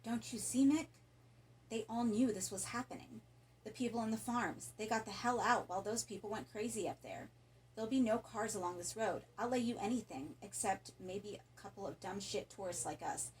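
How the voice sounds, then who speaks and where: A man's voice: high voice, moderate pace, distant mic, a little hiss or hum, close to an everyday voice, poor audio. Woman voicing a blunt tense English tourist.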